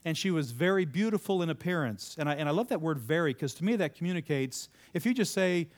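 A man's voice: on the high side, animated, fast. A man giving a conversational, sermon-style talk, asking the audience questions and repeating their answers, with sudden emphatic lifts. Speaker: speaker addressing a live audience.

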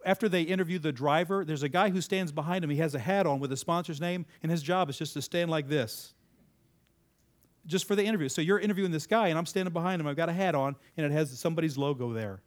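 A man's voice: fairly high pitch, quick pace. A man giving a conversational, sermon-style talk, asking the audience questions and repeating their answers, with sudden emphatic lifts. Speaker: speaker addressing a live audience.

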